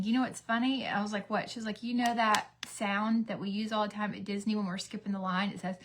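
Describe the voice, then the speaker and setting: A woman's voice: mid-range voice, fairly even intonation, fairly quick, a bit bright. A middle-aged woman, a mother, chatting casually as she tells a story with many fillers while getting ready. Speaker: beauty vlogger, mother. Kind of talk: casual get-ready-with-me chat.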